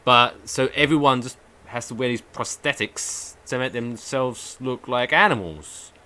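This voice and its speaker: A man co-hosting a podcast in casual chat, telling stories in an animated way with swearing and asides. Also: medium pitch, measured pace. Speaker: podcast co-host.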